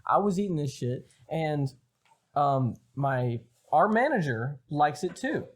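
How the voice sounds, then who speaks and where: Animated young man telling a rambling story. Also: on the high side, slow pace. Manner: rambling storyteller, swears a lot. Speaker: podcast co-host. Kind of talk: casual chat.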